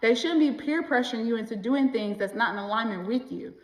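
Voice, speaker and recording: Animated slangy woman in an echoey room. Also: fairly high pitch, a little fast. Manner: animated and slangy, acts out quoted voices. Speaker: self-help vlogger. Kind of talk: casual motivational talk to camera.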